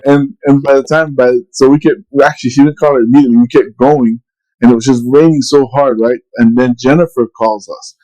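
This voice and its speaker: A man's voice: mid-range voice, fairly even intonation, brisk, warm tone, muffled recording. A middle-aged man casually telling a long story on a podcast, rambling with many restarts and quoted dialogue. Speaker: podcast co-host.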